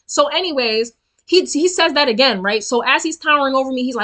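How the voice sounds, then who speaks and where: Bright-voiced young woman ranting a storytime. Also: high-pitched, a little fast. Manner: animated, profane and emphatic, talking straight to viewers. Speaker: storytelling vlogger. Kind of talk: casual storytime rant.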